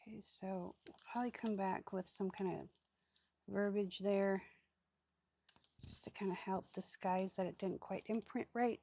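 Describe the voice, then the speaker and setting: A woman hosting a casual crafting video, chatty and self-mocking, often dropping to a murmur as she works. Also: mid-range voice. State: hiccups. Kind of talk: casual craft tutorial chat. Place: craft table indoors.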